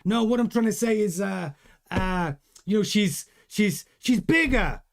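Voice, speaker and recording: A man voicing a flustered male racing driver in a deliberately bad mock Spanish accent, halting and stammering as he repeats himself. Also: high voice, lively intonation, gravelly, pitched above the performer's own voice, heavily acted. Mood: awkward, hesitant. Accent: mock Spanish, put on badly.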